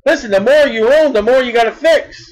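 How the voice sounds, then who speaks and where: A man preaching a sermon in an emphatic style, repeating words and swinging between loud bursts and soft asides. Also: very high voice, a little fast, rough recording.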